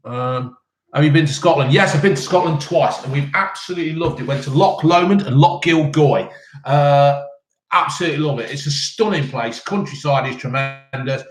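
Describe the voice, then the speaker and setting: A man in his fifties hosts a casual live chat, answering viewers' questions with blunt, sweary banter. His voice sits a bit high for a man. The sound is echoey, as if he is in a bare room. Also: moderate pace, soft background music. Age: 50s. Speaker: live-stream host reading chat questions.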